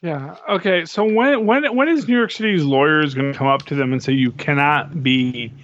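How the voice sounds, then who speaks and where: High-voiced man, wry questions. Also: animated, fairly quick, a bit bright, dull audio. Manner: wry, questioning, stumbles over repeated words. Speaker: podcast co-host. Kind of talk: casual comic book review chat.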